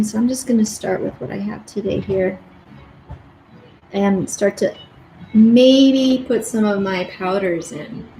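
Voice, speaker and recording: A woman's voice: mid-range voice, a little mellow, echoey room, slight background noise, rough recording. A woman art educator chatting casually on a live stream as she paints, rambling and restarting her sentences. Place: home art studio.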